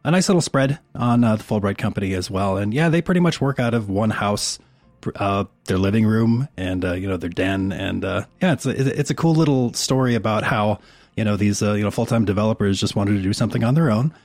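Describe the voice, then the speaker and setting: Male guest, lower voice, halting casual delivery, dry mic. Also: a little mellow, no echo. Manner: hesitant, lots of fillers. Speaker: podcast guest. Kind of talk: casual interview chat.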